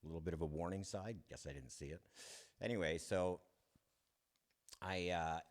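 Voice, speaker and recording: A man giving a candid, self-deprecating personal testimony, chuckling often and restarting his sentences. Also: low-pitched. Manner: halting restarts. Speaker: speaker sharing his recovery story.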